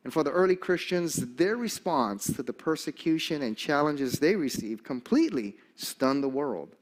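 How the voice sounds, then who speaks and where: A man's voice: fairly high pitch, normal speed. An older man preaching a sermon, telling stories animatedly and acting out the voices of the people he quotes. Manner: animated storyteller, acts out quoted voices, chuckles often.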